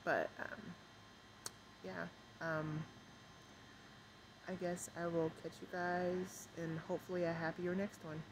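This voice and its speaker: Emotional woman vlogging quietly, noisy recording. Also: on the low side, little pitch movement. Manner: rambling, many fillers, kept deliberately quiet. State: emotional and stressed. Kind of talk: casual rambling vlog chat.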